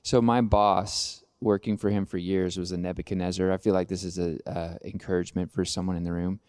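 A man's voice: deep voice, level tone, brisk, a little mellow, dry recording, clean studio sound. A man on a church panel telling a short personal story in a casual way, filling his speech with "like". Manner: casual, lots of "like". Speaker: panel member.

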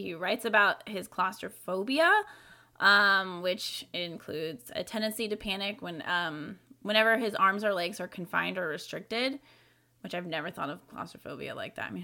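A woman's voice: fairly low pitch, sharp tone. A young adult woman co-hosting a podcast in casual chat, reading from her notes with lots of fillers and playful asides. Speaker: podcast co-host.

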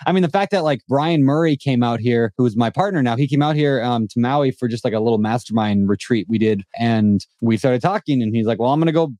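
A man chatting casually as a podcast guest, talking in quick rambling runs full of fillers and restarts. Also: medium pitch, warm tone, no room sound, studio quality. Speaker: podcast guest, real estate investor. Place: home in Hawaii.

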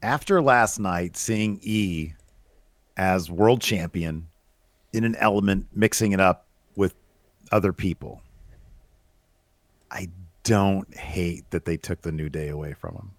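A man's voice: sits low, slow pace, pauses often, dry recording. A male podcast co-host sharing blunt opinions in casual chat, often restarting his sentences.

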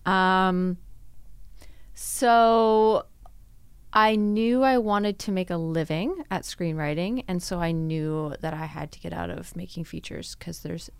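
An actress and screenwriter appears as a podcast guest, recounting her experiences in a relaxed interview conversation. Her voice is lowish, smooth and resonant, and she speaks slowly but tells her story with energy, slipping into quoted dialogue. The recording is close and dry, with no room around it.

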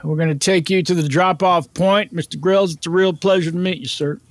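A man's voice: high-pitched, steady tone, brisk, voice pushed up. A man playing an overly polite, starstruck male driver in a raised, eager voice.

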